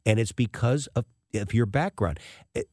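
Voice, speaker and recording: A man hosting a radio talk show, telling a story in an emphatic, animated way. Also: mid-range voice, moderate pace, no echo, studio quality.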